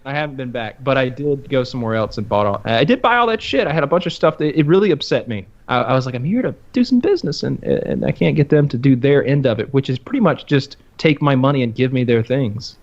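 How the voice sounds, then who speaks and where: A man's voice: mid-range voice, animated, fast talker, hardly any pauses. A man co-hosting a podcast, telling a story in a loose, rambling way and cursing often. His voice sits mid-range. The recording sounds a little muffled and dull. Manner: rambling storyteller, swears, repeats words. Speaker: podcast co-host. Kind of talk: casual chat.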